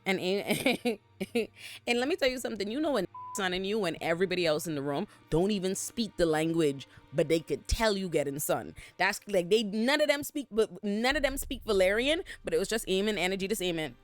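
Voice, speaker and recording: A man giving an expressive, profane recap of a TV episode, acting out the characters as he goes. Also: high-pitched, fairly quick, faint music behind. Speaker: show recap host. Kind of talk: animated TV recap commentary. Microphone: facing camera.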